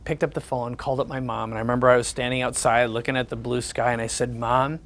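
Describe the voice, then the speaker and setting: A man's voice: mid-range voice, flat delivery, fast talker, fairly bright tone. A man giving a sales presentation, telling personal stories and acting out the conversations in them. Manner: storytelling, repeats the words of others in conversation.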